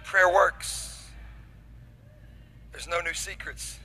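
A man preaching from the pulpit, his voice high and strikingly bright. He delivers the sermon with dramatic energy, acting out little scenes, and a faint hum of noise sits under the recording. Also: extremely slow, vocal fry, low-quality recording. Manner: energetic, dramatic, acts out stories. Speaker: pastor. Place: church.

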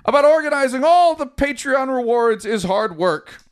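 A man with a high, lively voice runs a casual comedy podcast. He reads out listener requests with a teasing, playful edge, his pitch jumping around expressively. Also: moderate pace, smooth. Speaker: podcast host.

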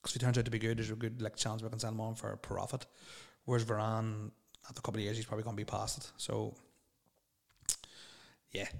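A man's voice: on the low side, monotone, fast, vocal fry. A young man hosting a solo podcast, rambling and swearing bluntly as he answers listener questions. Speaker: podcast host.

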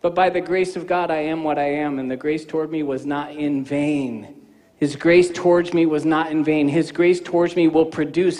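Pastor, male, fifties, high voice; animated sermon storyteller in a long-reverb sanctuary. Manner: animated, acts out dialogue in quoted voices. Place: church sanctuary. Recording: reverberant church hall.

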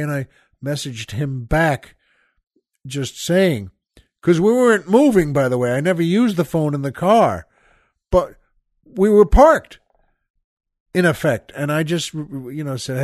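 Older male host, halting storyteller, slightly high voice, dry studio sound. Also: animated, a little mellow, no room sound. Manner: rambling, halting, with many restarts and asides to the listener. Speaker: podcast host. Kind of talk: casual storytelling monologue.

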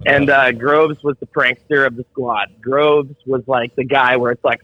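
A man's voice: medium pitch, steady tone, moderate pace, no echo, dull audio. A man telling a crude, rambling story on a casual podcast, often laughing at his own punchlines. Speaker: podcast co-host.

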